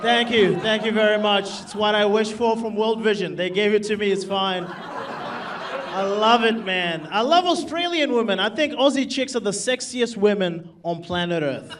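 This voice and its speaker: A stand-up comedian with a high voice performs a set in a live comedy club, brash and crude, laughing at his own jokes. His intonation is lively and his pace moderate. A distant stage mic catches him across the room over a loud crowd and audience laughter.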